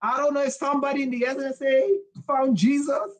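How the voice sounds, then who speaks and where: A woman spiritual teacher giving an impassioned lecture, emphatic and loud at times, again and again urging her listeners to listen. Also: sits high, steady tone, brisk, hardly any pauses, low-quality recording.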